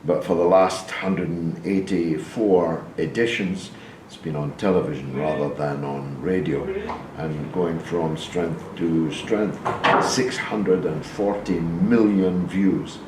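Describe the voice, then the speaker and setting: A man's voice: sits low, slow pace. A Scottish man in his sixties, from Dundee, giving a plain-spoken talk with wry asides to a packed theatre audience. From Dundee, Scotland. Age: 60s. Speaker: host speaking at his own roadshow. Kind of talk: public talk to a live audience. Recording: echoey theatre with background noise.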